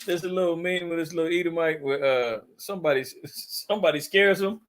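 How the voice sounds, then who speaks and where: A man's voice: on the high side, steady tone, brisk. A man leading a conversational Bible teaching, fiery and mocking in a preachy way.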